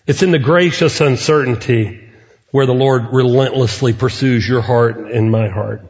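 A man's voice: mid-range voice, a little mellow. Earnest preaching man in a reverberant hall. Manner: earnest preaching with deliberate pauses. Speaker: pastor. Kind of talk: sermon. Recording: reverberant hall, muffled sound.

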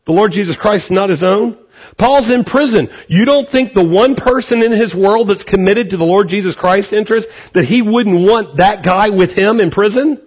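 A male pastor preaching a conversational sermon, acting out quotes with animated energy. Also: high voice, normal speed, dull audio.

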